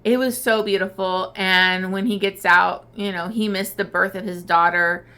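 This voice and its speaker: A woman's voice: mid-range voice, fairly even intonation, normal speed, sharp tone. A woman book vlogger casually retelling a novel's plot, rambling with many fillers and crying as she talks.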